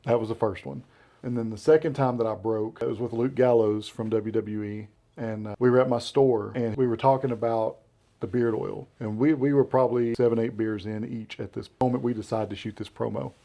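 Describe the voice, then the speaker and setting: Deep-toned Southern man telling animated stories. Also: a little fast, gravelly. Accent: Southern American. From Southern United States. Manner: animated storyteller who acts out quotes. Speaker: interview guest, beard care brand founder. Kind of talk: casual storytelling interview.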